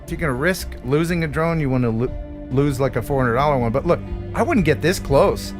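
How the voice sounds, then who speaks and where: A man's voice: fairly high pitch, a little fast, music in the background. A man hosting a casual live stream, exclaiming and laughing often as he chats. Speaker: host.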